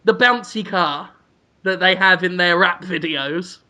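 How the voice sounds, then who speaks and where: A man co-hosting a podcast, spinning an absurd comic scenario for his co-host in a deadpan, rambling way with frequent ums. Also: sits high, measured pace. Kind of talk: comedic storytelling to a co-host.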